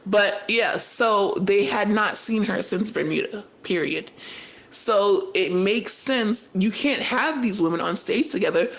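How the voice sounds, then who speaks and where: A young woman co-hosting a podcast, recapping a reality show in casual chat, animated and profane, telling the story in bursts. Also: medium pitch, measured pace, low-quality recording. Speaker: podcast co-host.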